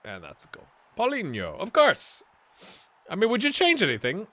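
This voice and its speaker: Bright, lively man doing game commentary. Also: high voice, normal speed, dry recording. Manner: chatty and rambling, with restarts, laughs and sudden excited outbursts. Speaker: gaming channel host. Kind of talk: casual commentary while playing a football management game.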